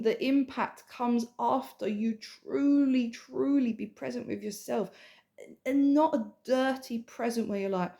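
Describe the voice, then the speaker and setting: A woman spiritual coach giving an emotional, earnest sales pitch, repeating herself and speaking intimately to the listener. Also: a little slow, vocal fry, darkish tone. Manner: earnest, repetitive, swears casually; addresses the listener intimately as hun and babe.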